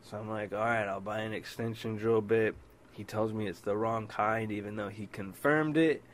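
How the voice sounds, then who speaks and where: A man's voice: lowish voice, steady tone, moderate pace, a little hiss or hum. A man hosting a casual storytelling podcast, bluntly retelling a dispute, swearing freely and raising his voice when he quotes himself. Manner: voice rises when quoting himself in arguments. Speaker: podcast host.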